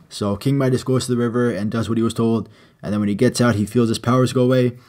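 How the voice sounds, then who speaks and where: A man's voice: medium pitch, steady tone, quick pace, darkish tone. Casual man retelling a myth in slang. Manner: slangy, casual, swearing, with "uh" fillers. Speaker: storyteller.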